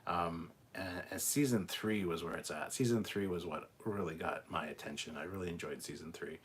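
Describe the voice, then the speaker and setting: A man's voice: deep voice, normal speed, breathy edge. Blunt, swearing man ranting casually. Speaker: host reading live chat. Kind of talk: casual live-stream chat.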